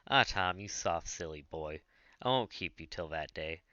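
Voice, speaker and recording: A man's voice: low-pitched, lively intonation, normal speed, pushed and bright, no room sound. A man voicing a wealthy, melancholy master who talks dryly and wryly, in an audiobook. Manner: dry and wry. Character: wealthy, moody male master, wry and melancholy. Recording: dull lo-fi dry recording.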